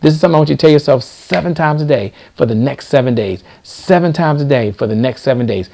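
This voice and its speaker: Gravelly man preaching to viewers. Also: mid-range voice, expressive, quick pace, few pauses, dark tone. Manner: preachy, repeats lines for emphasis. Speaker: host. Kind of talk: live-stream motivational talk.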